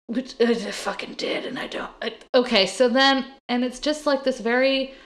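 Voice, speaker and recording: A woman's voice: fairly high pitch, moderate pace. A woman co-hosting a casual podcast, rambling and joking with plenty of swearing. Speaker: podcast co-host. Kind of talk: casual chat.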